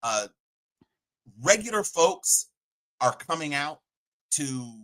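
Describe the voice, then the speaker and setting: Bright, lively man in podcast chat. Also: a little high, slow pace. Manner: playful, jokey, with lively asides. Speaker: podcast co-host. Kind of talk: casual political chat.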